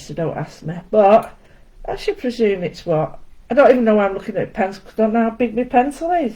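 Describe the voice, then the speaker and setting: A woman's voice: medium pitch, warm tone, rough recording. A woman hosting a casual live-stream art lesson, chatting, greeting viewers by name and making self-deprecating asides. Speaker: art session host. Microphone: home setup with camera.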